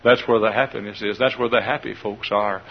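Male preacher, folksy sermon, gravelly husky voice, lo-fi radio sound. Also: on the low side, fairly even intonation, fairly quick. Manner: folksy, shouts and laughs, leads singing. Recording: dull lo-fi radio recording.

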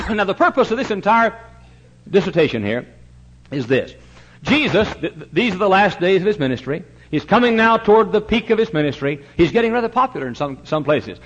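Male revival preacher, higher-pitched, fervent, loud-to-hushed swings; muffled old recording. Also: big pitch swings, fairly quick, slightly rough. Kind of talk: sermon.

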